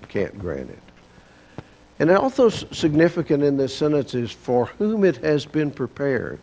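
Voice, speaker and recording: A man's voice: mid-range voice, vocal fry, a little mellow. A man with a Texan accent teaching a Bible lesson in a folksy, explanatory storytelling manner. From Texas, USA. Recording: dull lo-fi recording with faint hiss.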